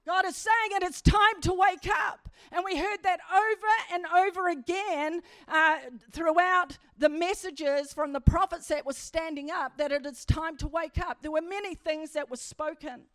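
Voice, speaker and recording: High-voiced woman preaching animatedly. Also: a little slow, few pauses, no echo. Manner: animated storytelling, emphatic build-ups. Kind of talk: sermon. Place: church service.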